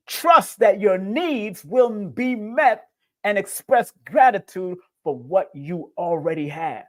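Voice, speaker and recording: A middle-aged man hosting a livestream, giving an emotional, preachy spiritual talk and calling his viewers family. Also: sits high. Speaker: livestream host.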